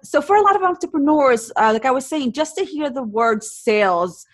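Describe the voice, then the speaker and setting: A woman's voice: high-pitched, expressive, normal speed, breathy edge, no room sound. A woman guest telling candid stories in a casual podcast conversation, often quoting her own thoughts aloud. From New Jersey, USA. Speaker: entrepreneur guest.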